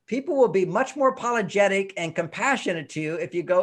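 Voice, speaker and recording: A man's voice: sits high, fairly quick, hardly any pauses. An older man, a relationship counselor and guest in an interview, explaining his techniques and acting out little scenes as he talks. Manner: animated storyteller, acts out little scenes.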